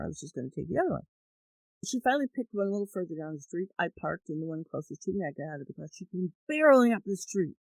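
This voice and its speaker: Animated storytelling woman guest. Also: mid-range voice, no room sound, poor audio. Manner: animated, acts out quoted thoughts. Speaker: guest therapist. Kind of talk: conversational storytelling.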